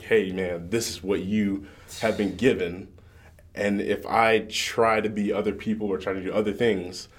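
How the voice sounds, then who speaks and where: A man co-hosting a podcast, reading scripture and then chatting about it in a relaxed way with fillers and laughs. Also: low voice. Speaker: podcast co-host. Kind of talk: casual faith chat and scripture reading.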